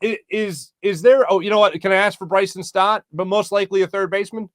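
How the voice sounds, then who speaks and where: A man hosting a sports talk show, interviewing his guest with excitement and gushing praise. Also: sits high, a little fast, dry recording, clean studio sound. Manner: excited, gushing, animated storytelling. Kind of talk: enthusiastic interview chat.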